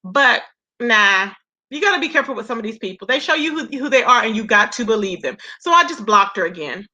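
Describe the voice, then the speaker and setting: Sassy high-voiced woman recapping gossip. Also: fast talker. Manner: sassy, animated, laughs a lot, says "okay" and "period". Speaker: YouTube commentary host.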